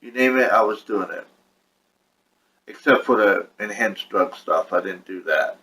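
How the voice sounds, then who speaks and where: Frustrated man venting, low voice. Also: unhurried, pushed and bright, poor audio. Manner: frustrated, rambling storytelling. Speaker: vlogger. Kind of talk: casual venting to camera. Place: at home with his dog on his lap.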